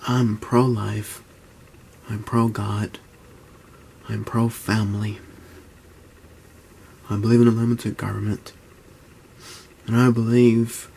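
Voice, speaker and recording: A man in his early twenties, talking low and often whispering in a halting vlog at home, with many restarts. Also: gravelly, darkish tone, slight background noise. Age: 20s. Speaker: YouTuber. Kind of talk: hushed vlog talk. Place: at home, indoors.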